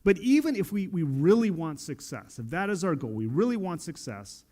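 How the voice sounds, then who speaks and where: A man preaching a sermon in a church, talking with lively emphasis and often restarting his phrases. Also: on the high side, normal speed. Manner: animated preaching with frequent restarts. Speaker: pastor. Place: church sanctuary.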